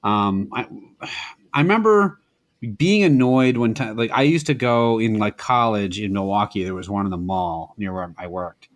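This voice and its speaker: A man's voice: fairly low pitch, normal speed. A man in his thirties co-hosting a podcast, telling rambling stories in casual chat and laughing often. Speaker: podcast co-host.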